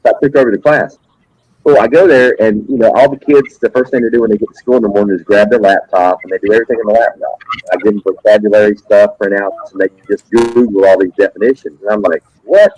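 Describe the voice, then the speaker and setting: Man, teacher type, husky lowish voice, dry close sound, rambling animated anecdotes. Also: no echo, low-quality recording. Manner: animated anecdotes with frequent repeats. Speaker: substitute science teacher. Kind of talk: casual storytelling on a live stream.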